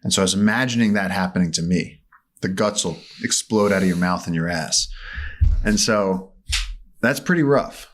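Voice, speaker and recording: A man as a podcast guest, telling animated stories and acting out the voices in them. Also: low voice, moderate pace. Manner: vivid, acts out voices in his stories. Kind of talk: animated storytelling in conversation. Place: studio.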